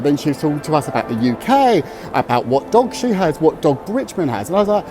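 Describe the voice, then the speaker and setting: A man's voice: on the high side, quick pace, hardly any pauses, soft background music. A British man living abroad, telling stories about kids in a casual vlog to camera. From United Kingdom. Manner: animated storytelling with voiced quotes. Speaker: expat content creator.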